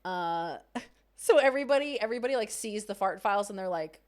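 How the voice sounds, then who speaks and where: A woman's voice: mid-range voice, lively intonation, a little fast. A young woman streamer chatting casually and playfully with her viewers while playing a game. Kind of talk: casual livestream gaming chat.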